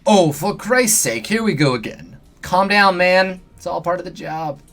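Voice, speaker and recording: A man's voice: high voice, animated, moderate pace, a bit bright, pitched above the performer's own voice. A man voicing a laid-back young male decker in a put-on Scottish accent, casual and teasing. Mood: easygoing.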